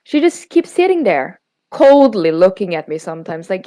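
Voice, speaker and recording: A woman's voice: fairly low pitch, very animated, moderate pace, mellow, no echo, rough recording. A young woman co-hosting a podcast, candidly retelling a bad date and quoting the conversation. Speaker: podcast co-host. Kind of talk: casual storytelling.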